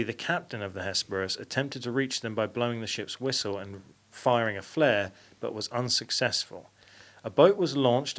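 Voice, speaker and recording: A man hosting a podcast, reading out facts and stopping to correct himself. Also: mid-range voice. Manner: reads aloud with fillers and self-corrections. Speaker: podcast host. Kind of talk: reading out facts in casual chat.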